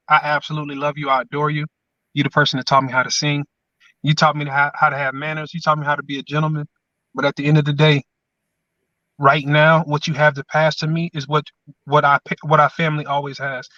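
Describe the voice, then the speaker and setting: Emphatic man, bright and high. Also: no echo, distant mic, lo-fi sound. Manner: emphatic, repetitive, preacher-like. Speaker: podcast co-host. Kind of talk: motivational casual chat.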